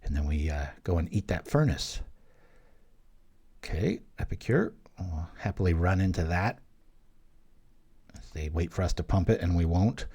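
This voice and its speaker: A man's voice: sits low, expressive, warm tone, breathy edge. Laid-back man thinking aloud over gameplay. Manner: casual, thinking aloud, quick jokes and small exclamations. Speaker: channel host playing an online card game. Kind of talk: live gameplay commentary.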